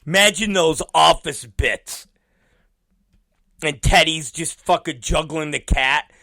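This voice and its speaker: A man's voice: a little high, takes it slowly, bright, forceful tone. A male show host rambling profanely in a casual podcast rant.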